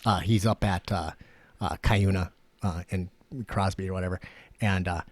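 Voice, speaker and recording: A man's voice: sits low, fairly even intonation, moderate pace, no room sound. A man co-hosting a podcast in a studio, telling a long rambling story with heavy swearing and lots of fillers. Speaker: podcast co-host. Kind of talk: casual chat.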